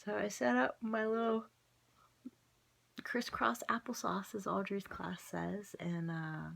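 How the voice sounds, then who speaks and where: Gravelly woman telling a rambling story. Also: mid-range voice, fairly even intonation, slow pace, fairly bright tone. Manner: rambling, laughing, self-mocking. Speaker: vlogger. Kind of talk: casual storytelling.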